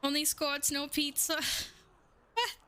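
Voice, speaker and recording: A woman's voice: high voice, slow pace, pushed and bright. A young woman streaming a game, chatting casually with her viewers, playful, swearing freely and laughing often. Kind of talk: casual live-stream chat.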